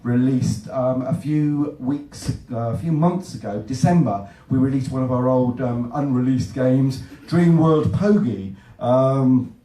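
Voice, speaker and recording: A man's voice: medium pitch, unhurried, mellow. A man speaking on a live panel as a game developer who also leads it, upbeat and chatty, with hesitant fillers as he recalls details. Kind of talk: live panel talk to an audience. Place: event hall at a game arcade. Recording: echoey hall, voice from far off.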